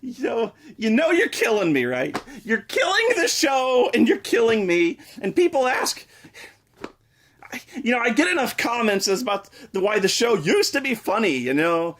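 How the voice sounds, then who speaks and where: A young man rants in a comedy review, sarcastic and exasperated, cursing freely. His voice sits very high and swings widely. At times he breaks into shouts. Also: very animated, moderate pace, a little hiss or hum. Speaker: host.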